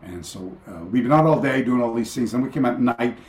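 Over a video call, a karate master appearing as a podcast guest tells rambling anecdotes, constantly breaking off and starting again with plenty of fillers. His medium-pitched voice moves quickly, slightly mellow, with a roomy sound to the remote interview.

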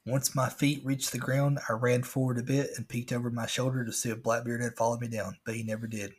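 A man's voice: mid-range voice, little pitch movement, a little fast, slight background noise. A man reading a scary story aloud as a podcast host, with casual asides.

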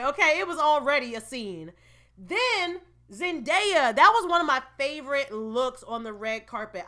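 A woman talks straight to her viewers in a casual, opinionated recap, laughing now and then as she goes. Her voice is bright and sits a little high. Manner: chatty, opinionated, laughing asides. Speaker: vlogger.

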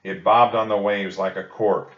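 Unhurried male storyteller for children, low voice; muffled echoey recording. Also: fairly even intonation. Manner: gentle and reassuring to children. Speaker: storybook reader. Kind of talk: reading a children's book aloud. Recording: dull echoey room recording.

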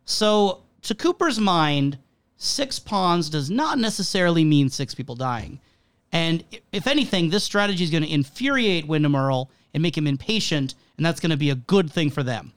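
A man's voice: a little high, sing-song, normal speed, clear, resonant tone. A man co-hosting a casual chat, analytical and wry, with a self-deprecating streak. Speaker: podcast co-host.

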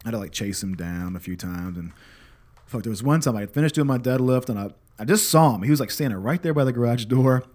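A man in his thirties tells a story from home in a loose, unscripted way, swearing freely and poking fun at himself. His voice sits at an ordinary middle pitch. He drifts into reflective advice, still relaxed and candid. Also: fast talker. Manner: candid, profane, reflective, self-deprecating. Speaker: podcast host and father. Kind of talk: casual storytelling monologue.

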